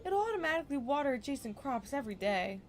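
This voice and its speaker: Timid young female farmer, high and meek, hesitant delivery; a woman voicing her while reading game dialogue. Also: very animated, quick pace, soft background music.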